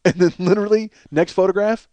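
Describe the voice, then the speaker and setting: A Chicago man in his forties hosts a comedy podcast, telling a long, rambling, profane story. His voice is high and brisk, and he gets animated when worked up.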